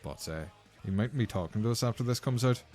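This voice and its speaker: A man's voice: mid-range voice, expressive, quick pace, a little mellow, soft background music. A man hosting a podcast in casual, jokey chat, swearing freely and laughing often. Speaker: podcast host.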